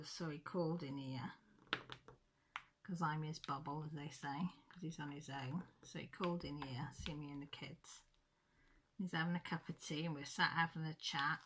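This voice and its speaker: A woman's voice: deep voice, sharp tone, slight background noise. Chatty woman telling a story. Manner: chatty storytelling, mild cussing, laughs easily. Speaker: craft channel host. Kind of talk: casual chat.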